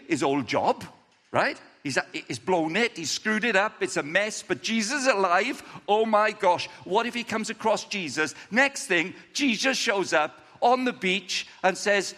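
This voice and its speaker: A man preaching a lively, chatty sermon, acting out the characters' lines in different voices. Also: high-pitched, big-room sound. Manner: animated, acts out quotes in voices, chatty asides.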